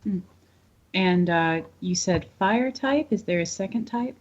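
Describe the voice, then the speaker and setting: A woman playing a tabletop game who talks in a calm, sly, deliberate way. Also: medium pitch. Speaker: player. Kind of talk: casual chat and in-character play in a tabletop game. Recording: dull lo-fi stream audio.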